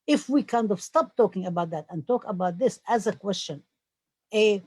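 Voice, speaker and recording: A scholar speaking on a panel, halting and full of fillers at times, then emphatic. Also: medium pitch, a little mellow, no room sound. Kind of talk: panel discussion.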